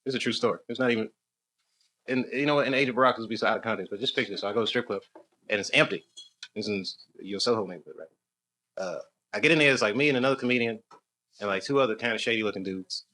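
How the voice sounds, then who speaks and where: A stand-up comedian, his voice fairly low, racing, bright, and forceful, spins a rambling tale on a comedy club stage. He cracks himself up and trades banter with the crowd, while the live recording picks up a noisy, laughing audience.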